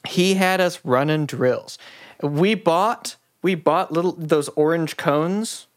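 A man's voice: on the high side, dry recording, studio quality. A man hosting a podcast in casual chat, rambling and self-mocking, often stumbling and restarting his sentences. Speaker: podcast host.

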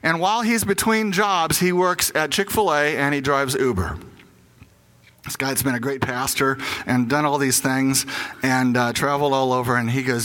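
Older male pastor, bright tone, candid storytelling sermon. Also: medium pitch, moderate pace. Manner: candid personal storytelling, acting out his own inner voice. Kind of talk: conversational sermon.

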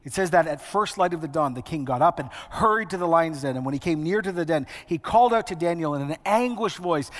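Male preacher, high voice, wry and emphatic, sermon in a reverberant hall. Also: lively intonation, quick pace, few pauses. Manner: conversational, wry, emphatic repetitions.

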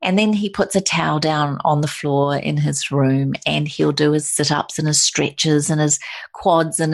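A woman's voice: low voice, gravelly. A middle-aged woman telling a personal story in conversation, emotional and full of restarts and quoted voices.

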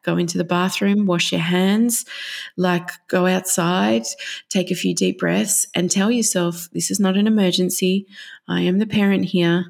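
Gravelly-voiced woman counsellor. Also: on the low side, a little mellow. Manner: earnest, checks in with "right?". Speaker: parenting counsellor. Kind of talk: explaining in an interview.

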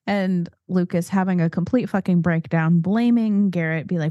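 Woman, co-host, chatty movie recap, mellow tone, dry close recording. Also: lowish voice, moderate pace, no room sound, highs cut off. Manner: chatty, animated retelling, swears freely. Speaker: podcast co-host. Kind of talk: casual movie recap chat.

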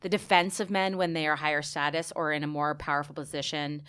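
A woman's voice: low voice, fast talker, clear, resonant tone. A woman in her early forties co-hosting a podcast, talking candidly and telling stories with quoted lines. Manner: animated storyteller, quotes people, laughs often. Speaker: podcast co-host. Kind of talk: candid casual chat.

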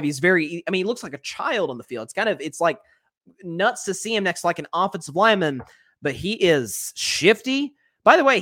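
A male sports talk host gives live commentary in an animated voice that sits a little high for a man. He keeps restarting and repeating words as he works out his thoughts, and he reads viewer comments aloud.

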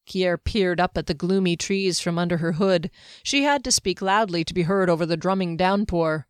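A woman narrating an audiobook in a steady, even storytelling manner. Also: on the low side, normal speed, smooth, dry recording, studio quality.

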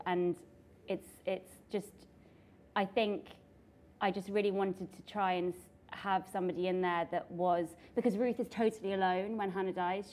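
A young woman, an author and actress, chatting casually with her sibling and telling stories with lively laughter. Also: on the low side. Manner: animated storytelling with frequent laughter.

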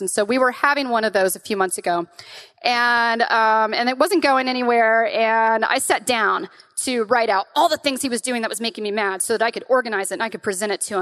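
A woman in her thirties giving an emotional personal testimony to a group, earnest and halting, with restarts and nervous laughs. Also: on the high side, fairly bright tone. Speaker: guest speaker.

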